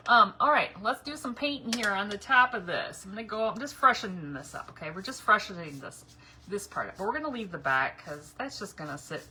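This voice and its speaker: Painting a craft project live from her home yard or garage, this middle-aged woman chats and rambles, laughing a lot along the way. Her medium-pitched voice is expressive, bright and forceful, moving a little fast. Background noise fills the home livestream audio.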